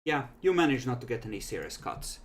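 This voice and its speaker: Calm man running a tabletop game. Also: medium pitch, a little fast. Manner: calm, explains rules and narrates outcomes. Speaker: game master.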